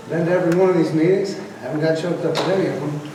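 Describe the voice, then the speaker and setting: A man's voice: on the high side, steady tone, fast. A man making an impassioned, defiant public comment at a meeting. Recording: echoey hall from far off, noisy.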